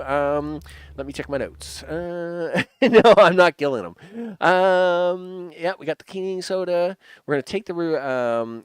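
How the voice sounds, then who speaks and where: A man's voice: a little high, smooth, no echo. A man giving casual let's-play commentary, chatty, humming and laughing to himself as he plays. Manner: chatty, hums and laughs to himself, many fillers. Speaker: game streamer.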